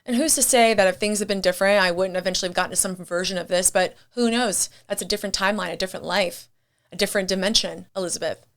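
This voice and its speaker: A woman's voice: mid-range voice, fairly even intonation, fast, a bit bright. Chatty woman hosting a solo podcast. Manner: candid, chatty and reflective, with some swearing. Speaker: podcast host. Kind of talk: casual solo podcast monologue.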